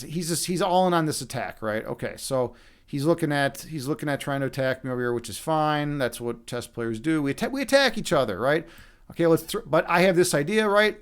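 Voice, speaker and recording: A man with a notably high voice, hosting a live stream in a loose, rambling way. He swears a lot and keeps tossing "right?" to his viewers. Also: clean tone. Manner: rambling, profane, often asks "right?". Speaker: streamer, chess instructor and meditation guide. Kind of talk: casual live-stream chat.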